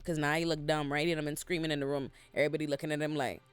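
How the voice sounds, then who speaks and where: A man recaps a TV episode straight to camera, swinging between outrage and laughter and acting out each character in turn. His talk is loud, profane and full of put-on voices. Faint music sits underneath. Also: on the high side, fast talker, hardly any pauses. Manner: expressive, profane, acts out characters. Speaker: show recap host. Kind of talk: animated TV recap commentary. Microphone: facing camera.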